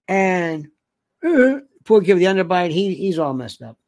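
A man's voice: high voice, normal speed, dry recording. Rambling older man telling a story. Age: 60s. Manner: rambling, animated, acts out movie lines in quoted voices. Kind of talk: casual storytelling monologue.

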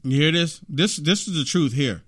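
A man's voice: a little high, animated, normal speed, fairly bright tone, breathy edge. A man hosting an opinion livestream, talking in a preachy, emphatic way that rises to indignation. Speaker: commentary host.

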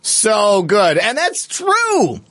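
A male host rambles through casual live-stream commentary, stopping to answer viewer comments. His voice sits slightly high and sounds dry and close to the mic. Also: wildly swooping pitch, drawn-out words, a bit bright, no echo. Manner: rambling, conversational, reads chat comments aloud. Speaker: show host.

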